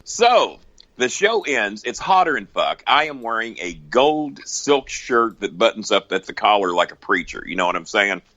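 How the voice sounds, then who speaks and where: A man's voice: fairly low pitch, moderate pace, no room sound, lo-fi sound. A man telling wrestling-road stories as a podcast guest, swearing freely and acting out both sides of each exchange. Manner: profane, animated raconteur. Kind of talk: casual storytelling.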